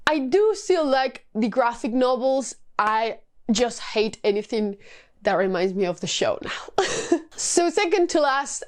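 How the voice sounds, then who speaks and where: A young woman reviewing graphic novels in a casual vlog, animated and swearing a lot as she rants. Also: on the high side. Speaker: book vlogger.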